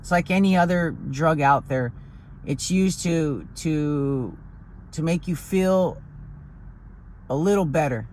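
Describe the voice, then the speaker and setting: A man's voice: a little high, slow pace, long pauses, a little mellow, a little hiss or hum. Blunt, swearing man, vlogging outdoors. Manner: blunt, profane, rambling. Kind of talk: casual vlog monologue. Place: outdoors on a hill.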